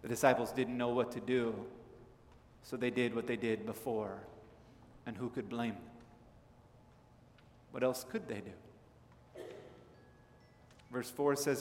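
Male pastor from Southern California, mid pitch, chatty sermon delivery, echoey hall. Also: slow, pauses often. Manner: conversational storytelling, animated in anecdotes. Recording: echoey hall with faint ambience.

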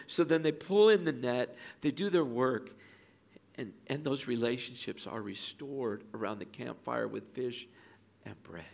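A middle-aged male pastor preaching a sermon in an auditorium, telling a story with lively acted-out voices. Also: medium pitch, unhurried, gravelly. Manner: animated storytelling, acts out quoted voices.

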